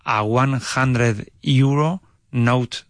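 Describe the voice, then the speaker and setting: A man's voice: mid-range voice, extremely slow, fairly bright tone, dry recording. Hesitant male English learner, dry sound. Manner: hesitant, restarts sentences when corrected.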